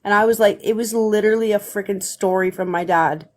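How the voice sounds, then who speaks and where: A woman's voice: medium pitch, steady tone, a little fast. A woman guest in a casual chat, talking bluntly and swearing casually as she tells her story.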